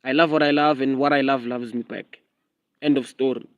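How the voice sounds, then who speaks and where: A young man with a South African accent that slips toward American, talking through a phone livestream. He rambles and repeats himself in defiant street slang, mid-pitched and steady. The sound is muffled and lo-fi, with no room echo. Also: brisk. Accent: South African, with an American twang. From Eswatini. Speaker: rapper and content creator. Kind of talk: casual livestream vlog. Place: outdoors in drizzle, hunched over phone.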